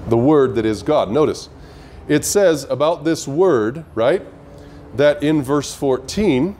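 Guy teaching bible verses, kinda high voice, asks questions a lot, faint noise behind. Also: animated, slow, dark tone. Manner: earnest, asks listeners questions.

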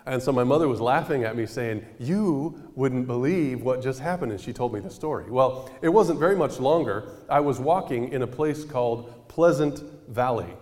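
A male preacher tells stories from the pulpit in a relaxed, conversational way, stopping now and then to quiz the congregation. His voice sits at a middle pitch. The sound carries a long reverb, like a big church hall. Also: normal speed, few pauses. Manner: conversational, animated, addresses audience with questions. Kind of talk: storytelling sermon.

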